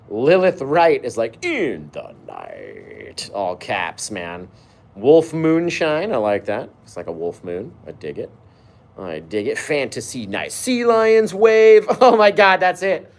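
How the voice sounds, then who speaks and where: A man's voice: fairly high pitch, echoey room, slight background noise. A man hosting a live painting show, chatting casually with viewers, reading their comments aloud and laughing often.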